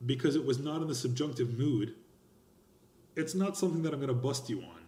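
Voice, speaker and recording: Male speech instructor, mid pitch, emphatic and expressive, recorded in a roomy space. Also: fairly quick. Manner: emphatic and expressive, lively gestures. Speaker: college instructor. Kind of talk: recorded lecture on speech grading.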